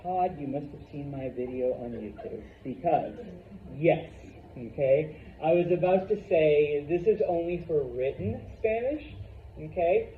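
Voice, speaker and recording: Animated male teacher in an echoey classroom. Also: on the high side, unhurried, slight background noise. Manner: animated, keeps checking in with the class. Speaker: Spanish teacher. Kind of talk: classroom lesson. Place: classroom with students. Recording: echoey classroom from far off, dull.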